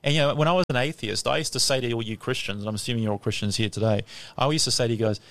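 A man's voice: mid-range voice, very fast. A man teaching the Bible on live radio, quizzing a class in front of him and laughing often. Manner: lively, laughing, asks the audience questions. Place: tent or hall with a live audience.

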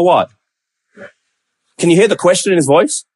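A man's voice: high voice, expressive, moderate pace, long pauses, darkish tone, husky. A man preaching a sermon, emphatic and acting out quoted pleas with rising questions.

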